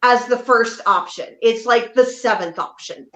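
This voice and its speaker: Woman panel guest, high and unhurried; roomy, lo-fi video call. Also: a bit bright. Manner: slow, laughing, chiming in. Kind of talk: casual livestream chat.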